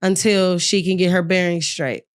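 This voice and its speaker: A young woman guest on a podcast, telling a frank, lively personal story in casual talk and acting out the people she quotes. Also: fairly low pitch, moderate pace, smooth.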